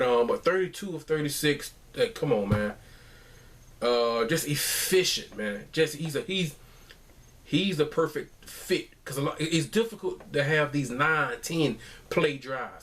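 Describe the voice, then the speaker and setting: Exasperated man ranting about football. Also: fairly high pitch. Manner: rambling, exasperated, frequent restarts. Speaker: fan commentator. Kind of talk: casual sports recap.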